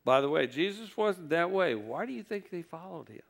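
A man's voice: fairly high pitch, expressive, moderate pace, gravelly. A man preaching a sermon, telling folksy stories with wry humor.

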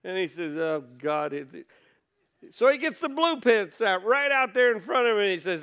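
A male pastor preaching in a clear, smooth voice that sits high for a man. He talks his congregation through scripture in an easy, conversational way. He often stops to ask them rhetorical questions. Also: very animated, moderate pace, bright, forceful tone. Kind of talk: sermon.

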